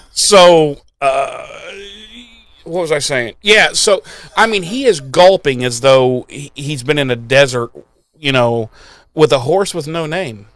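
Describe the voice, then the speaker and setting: A man chatting casually on a podcast, rambling through a retelling with frequent laughs and swearing. His voice sits a little high, and he talks slowly. The sound is dry and close. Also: fairly bright tone, no echo. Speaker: podcast co-host. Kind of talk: casual chat.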